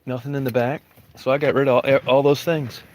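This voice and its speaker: A man's voice: mid-range voice, fairly even intonation, brisk, a little mellow. A man, filming a casual vlog as he gets home, talking offhand and cooing to his dog. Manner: coos affectionately to his dog, calling her hon; rambling, offhand, swears casually. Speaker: vlogger. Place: arriving home in snowy weather, garage and house.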